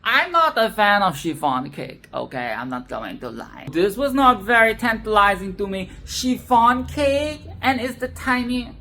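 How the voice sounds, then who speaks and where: A woman's voice: fairly high pitch, sing-song, measured pace, hardly any pauses, pushed and bright. A woman hosting a film commentary video, ranting in a profane, exasperated and sarcastic way. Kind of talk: casual solo film rant.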